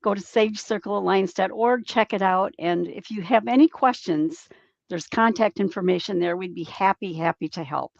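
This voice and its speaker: A woman's voice: medium pitch, moderate pace, gravelly, no room sound. A woman hosting an interview, wrapping up with friendly thanks and affirmations over a video call. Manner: friendly wrap-up with repeated affirmations. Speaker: host. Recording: dry, dull lo-fi video call audio.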